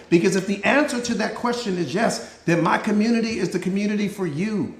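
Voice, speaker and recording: A man's voice: high voice, fairly quick, few pauses, reverberant. A man, a life coach, giving an emphatic live-stream motivational talk with a repetitive, preacher-like cadence.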